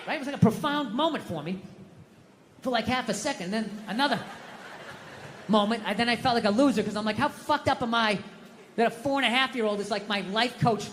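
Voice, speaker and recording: A middle-aged male stand-up comedian telling a story with profane, ranting delivery that breaks into shouted outbursts. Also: very high-pitched, lively intonation, fairly quick, big-room sound, slight background noise.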